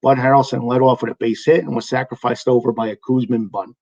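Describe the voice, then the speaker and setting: A man's voice: medium pitch, steady tone, quick pace, creaky, darkish tone, dry recording, lo-fi sound. New man retelling old baseball. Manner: enthusiastic storyteller, reads lineups in a sing-song list. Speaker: baseball history podcast host. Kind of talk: scripted retelling of a past game.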